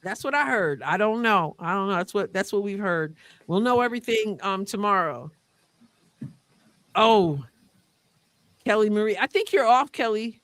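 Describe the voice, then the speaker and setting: A woman's voice: medium pitch, animated, moderate pace, pauses often, fairly bright tone. A woman hosting a live sports call-in stream. She chats, reads comments and repeats phrases as she goes. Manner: upbeat, chatty, repeats words while reading comments. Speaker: host.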